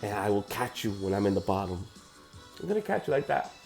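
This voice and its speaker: Heated, profane New sports ranter. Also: male voice, fairly low pitch, very animated, fairly quick, gravelly, over loud music. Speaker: sports podcast host. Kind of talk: ranting sports commentary.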